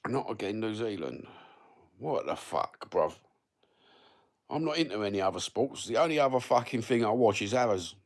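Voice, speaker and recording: Fifties geezer, very deep voice, laid-back sweary banter with viewers. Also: male voice, big pitch swings, normal speed. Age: 50s. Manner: sweary, blokey banter with lots of fillers. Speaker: livestreamer reading viewer comments. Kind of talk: casual rambling chat.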